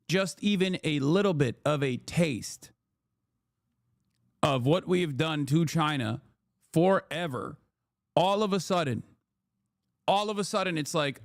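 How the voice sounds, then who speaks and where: A man's voice: a little high, lively intonation, measured pace, pauses often, no room sound, studio quality. A man streaming his reactions to a news clip, swearing and sarcastic, slipping into mocking voices when he quotes others. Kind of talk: casual political commentary.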